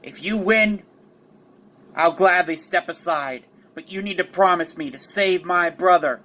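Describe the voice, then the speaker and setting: A man voicing a cold, proud young male rival duelist in a fan storybook telling, speaking low and clipped. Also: a little slow, bright, forceful tone. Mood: determined.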